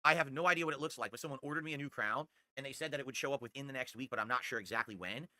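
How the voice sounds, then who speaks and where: In rapid-fire delivery, a man with a medium-pitched, bright and forceful voice rants brashly and boastfully while hosting his livestream. He speaks into a desktop condenser mic at home in a casual podcast-style monologue, with no echo.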